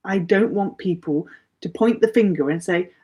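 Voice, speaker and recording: A woman's voice: lowish voice, moderate pace, a little mellow, slightly rough. A woman from England with an English accent, giving a chatty live English lesson and answering viewers' questions with many asides. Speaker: English teacher.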